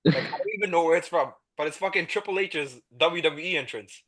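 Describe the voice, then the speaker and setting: Bright-voiced excitable young man. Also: fairly high pitch, a little fast. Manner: excitable, swears, acts out quoted lines. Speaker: podcast guest. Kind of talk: casual storytelling chat.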